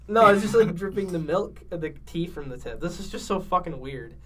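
A man's voice: sits high, animated, fairly quick, bright, forceful tone, a little hiss or hum. A young man co-hosting a podcast in casual, joking chat, swearing freely and laughing often as he reads fan fiction aloud. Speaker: podcast co-host. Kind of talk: casual chat and comedic reading.

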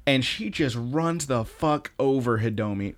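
A young man casually recapping an anime episode on a podcast, animated and swearing often. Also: unhurried. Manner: animated, swears often, mimics characters in high squeals. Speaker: podcast host.

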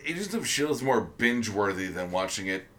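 A man's voice: lowish voice, big pitch swings, fairly quick, pushed and bright, a little hiss or hum. A man co-hosting a casual podcast chat, rambling with many ums and restarts. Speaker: podcast co-host.

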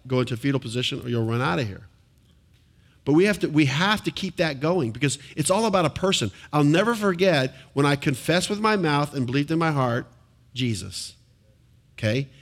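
Animated preaching man, somewhat high voice. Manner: animated preaching, asks the congregation questions. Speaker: pastor. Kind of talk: sermon. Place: church before a congregation.

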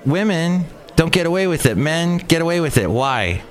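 A man's voice: fairly high pitch, very animated, moderate pace. A man with a Californian accent, hosting a podcast in a chatty, wry, rambling monologue. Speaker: podcast host. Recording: traffic noise in background.

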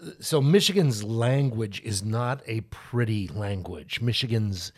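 Male co-host, casual and thoughtful, halting speech with wry humor. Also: lowish voice, animated. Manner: thoughtful, halting, lots of fillers and wry asides. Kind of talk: casual podcast chat.

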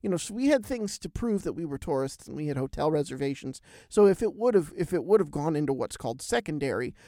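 A man hosting a podcast, telling a travel story in a lively, animated way with big swings in pitch and loudness. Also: fast talker, dry recording, clean studio sound. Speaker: podcast host. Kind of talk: casual storytelling chat.

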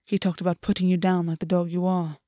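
A woman voicing a calm, teasing male fae lover who speaks in a low, soothing murmur, from a reader of fan fiction. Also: fast, dry recording, studio quality, natural voice.

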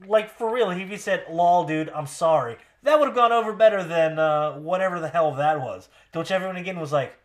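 A man hosting a podcast in casual chat. He is animated and jokey, laughs often, and mocks what other people say. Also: high-pitched, quick pace, hardly any pauses. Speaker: podcast host.

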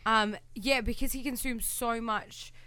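A woman talks on a casual podcast roundtable with a bright, forceful tone. Her voice is smooth and crisp. She gives her opinions earnestly. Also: fairly high pitch, fairly even intonation, unhurried, no echo.

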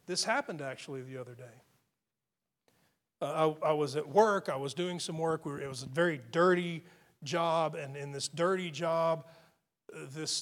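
A man preaching a sermon as a pastor, telling a story in a conversational way and often restarting his phrases. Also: on the high side.

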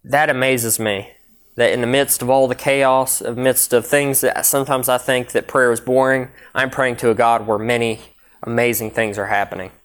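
A man's voice: medium pitch, little pitch movement, normal speed, a bit bright. A young adult man preaching a sermon, reading scripture aloud in an earnest, emphatic way.

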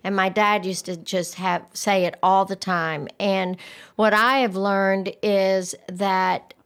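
A woman's voice: medium pitch, steady tone, takes it slowly, fairly bright tone, clean tone. Older woman chatting reflectively. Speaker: podcast co-host. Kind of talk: casual chat.

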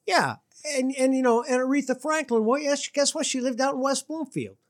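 A musician from Detroit talks fairly quickly during a casual interview, telling stories with lively energy. Whenever he quotes someone, his voice leaps up high, and the recording is dry.

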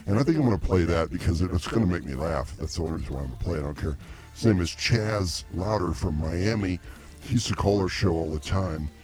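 Low-voiced man hosting a comedy show. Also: fast, darkish tone, faint music behind. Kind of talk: casual comedic banter.

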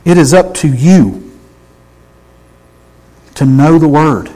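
A man preaching a sermon, emphatic, swinging between loud exclamations and hushed intensity. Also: a little high, expressive, slow pace, pauses often, rough recording.

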